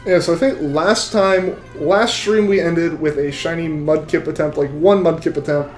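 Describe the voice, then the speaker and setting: A man's voice: fairly high pitch, steady tone, moderate pace, echoey room, soft background music. A young man live-streaming a game, chatting with viewers in a rambling, casual way. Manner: rambling, chatty, full of restarts. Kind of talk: live-stream chat while shiny hunting.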